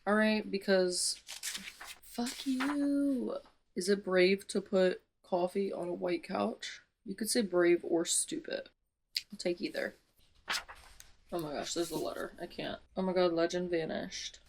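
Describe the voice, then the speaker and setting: A young woman vlogging casually about a book she is rereading, dramatic and foul-mouthed, with sudden loud outbursts. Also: mid-range voice, fairly even intonation, unhurried, creaky, slight background noise, poor audio. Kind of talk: casual reread commentary with read-aloud passages.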